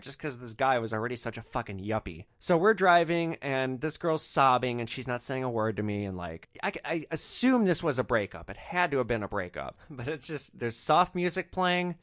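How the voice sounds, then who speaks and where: A man's voice: medium pitch, a bit bright, no echo, clean studio sound. A male podcast host telling a story in a sardonic, profane way.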